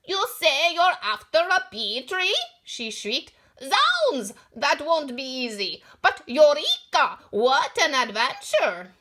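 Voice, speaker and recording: A woman reading a storybook aloud, voicing an excitable, adventurous explorer woman with a shrieking, exclamatory delivery. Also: high-pitched, slow pace, full character voice. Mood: excited.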